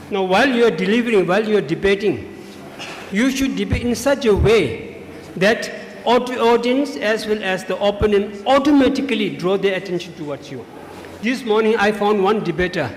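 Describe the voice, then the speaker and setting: A high-voiced man lectures students on debating as a judge. He drives his points home with steady repetition. His voice carries through a large, echoing school hall with a long reverb tail. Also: moderate pace, slight background noise. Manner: instructive, emphatic, repeats key points. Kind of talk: feedback speech to students. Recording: echoey hall, faint ambience.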